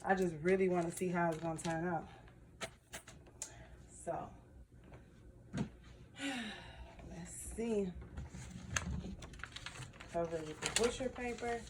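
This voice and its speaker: Slow, chatty woman crafting at home. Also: on the low side, background noise. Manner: chatty, talks to viewers as "y'all", emotional reactions. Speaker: crafting vlogger. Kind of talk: casual crafting commentary.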